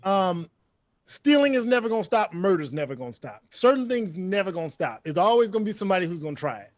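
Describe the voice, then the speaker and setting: High voiced guy hosting, dry mic, makes his point over and over. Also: big pitch swings, fast, no room sound. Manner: emphatic, repeats points. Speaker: podcast host. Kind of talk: casual opinion chat.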